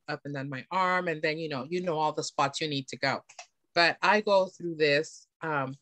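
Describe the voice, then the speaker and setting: A woman's voice: low voice, a bit bright, dry recording. A woman presenting beauty products in a chatty, enthusiastic way, often checking in with her audience. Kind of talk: live product demonstration. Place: home, on camera.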